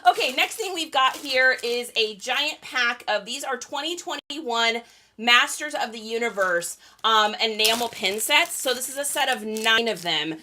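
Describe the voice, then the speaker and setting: A woman hosts a casual live stream as she packs up sold items. Her voice sits a little high and rings bright and forward. She chats loosely and laughs often, drifting into side stories. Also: animated, a little slow, slight background noise. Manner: chatty, laughs often, rambling asides. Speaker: reseller hosting a live stream. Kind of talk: casual live-stream chat while packing orders.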